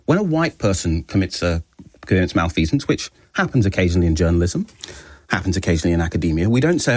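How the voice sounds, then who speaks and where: A man's voice: deep voice, fast talker, slightly rough, no echo. A man who is a journalist on a radio panel, arguing heatedly and cutting in to press his point. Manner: animated, interrupts forcefully.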